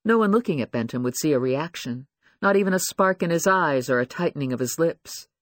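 A man narrating an audiobook in a measured, expressive reading. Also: fairly high pitch, no room sound, clean studio sound. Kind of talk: scripted narration.

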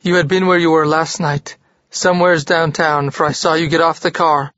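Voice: medium pitch, little pitch movement, normal speed, fairly bright tone, no echo, dull audio, natural voice. A reader voicing a suspicious, angry husband in an audiobook, hard and fierce in tone. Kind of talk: audiobook character reading.

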